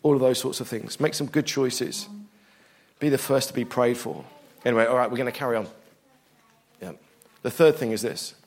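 A middle-aged man preaching a sermon, animated and self-deprecating, moving from loud bursts to hushed, quiet passages. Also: mid-range voice, normal speed, creaky, pauses often.

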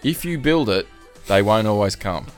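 A man's voice: on the low side, lively intonation, normal speed, smooth, faint music behind. A man with an Australian accent co-hosting a casual sports podcast, blunt and sweary as he rants. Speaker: podcast co-host.

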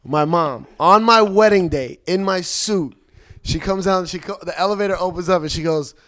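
A man's voice: sits high, moderate pace, no room sound, studio quality. A man, a radio DJ guest on a podcast, chatting casually and acting out quotes as he tells stories. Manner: animated storyteller, acts out quotes. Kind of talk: casual chat.

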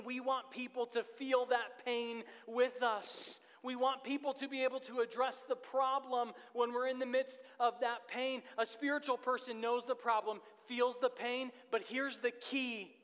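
A man's voice: very high-pitched, flat delivery, measured pace, hardly any pauses, a bit bright, clean tone, big-room sound. A man in his thirties preaching a sermon as pastor, earnest and repeating his key phrases for emphasis. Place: church sanctuary.

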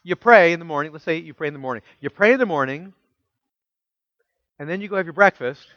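A man preaching a sermon as pastor, emphatic and full of rhetorical questions, dropping soft and low when quoting scripture. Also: lively intonation, fast talker, no room sound, muffled recording.

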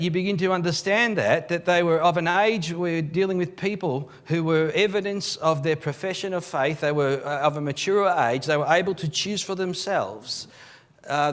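A man, a pastor preaching a live sermon in church, telling the story with emphatic, animated delivery and frequent restarts. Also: on the high side. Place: church service.

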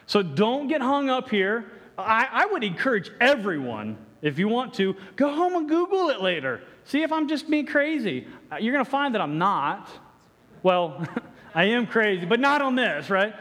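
Preacher guy, high voice, lots of stammery restarts, big echoey church hall. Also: sing-song, a bit bright. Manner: halting, many restarts, acts out voices. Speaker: pastor. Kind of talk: sermon.

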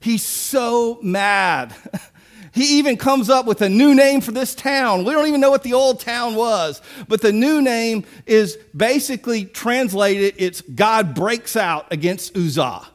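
A pastor with a very high-pitched voice preaches unhurriedly and conversationally. He acts out the people he describes, using mock-quoted voices and asides.

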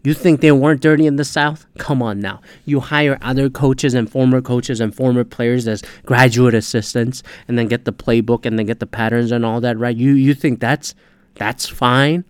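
A man's voice: mid-range voice, steady tone, moderate pace, smooth, no room sound. A man hosting a podcast, ranting in a casual, heated, profanity-laced monologue. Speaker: podcast host.

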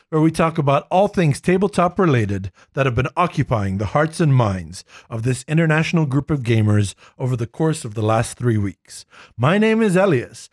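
A man hosting a casual tabletop games podcast, animated and quick to laugh, recording in a makeshift home studio. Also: medium pitch, dry recording. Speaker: podcast host.

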